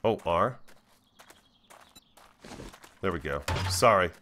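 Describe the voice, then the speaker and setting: Deep-voiced man chatting through gameplay. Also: animated, takes it slowly, pushed and bright. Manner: chatty, talks to viewers while playing. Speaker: gaming video host. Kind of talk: let's play commentary.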